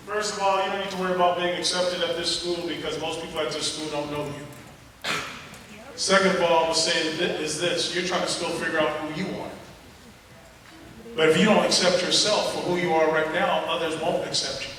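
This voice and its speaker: Bright-voiced man speaking in an echoey hall. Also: on the high side, normal speed, a little hiss or hum. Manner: animated storytelling, acting out quotes. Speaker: motivational speaker. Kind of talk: motivational speech to students. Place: school assembly hall. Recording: echoey hall recorded from far off.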